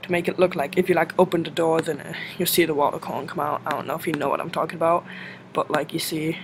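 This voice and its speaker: A man's voice: fairly high pitch, fairly even intonation, fast talker, vocal fry. A young man casually narrating a game level editor tutorial, rambling and filling gaps with "like.". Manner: rambling, heavy use of "like", self-correcting. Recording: noisy home mic recording.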